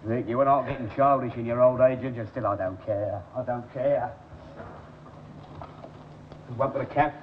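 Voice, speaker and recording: An actor playing a wily, cheeky spiv in a 1960s television sitcom. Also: male voice, mid-range voice, fairly even intonation, normal speed, pauses often, close to an everyday voice. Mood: scheming. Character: wily, cocky London spiv lodger. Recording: tinny, very hissy old TV soundtrack.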